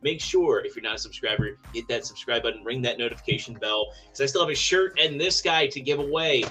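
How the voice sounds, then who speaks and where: A man with a bright, forceful voice opens a live podcast, upbeat, and asks viewers to subscribe. Faint music plays behind him. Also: medium pitch, fairly quick, breathy edge. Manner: upbeat, plugging the channel. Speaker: podcast host. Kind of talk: show opening.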